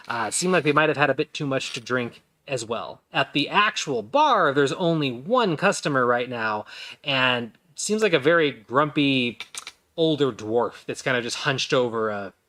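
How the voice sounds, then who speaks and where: A man narrates a tabletop role-playing scene as game master, lingering on details and filling pauses with ums. His voice is bright and forward, at an ordinary pitch for a man. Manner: descriptive, hesitant with many ums.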